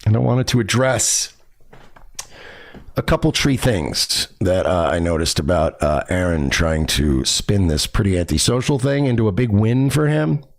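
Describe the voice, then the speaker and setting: Host: sarcastic male commentator, gravelly voice, lively swings in pitch, mocking delivery. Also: moderate pace. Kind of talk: reaction commentary.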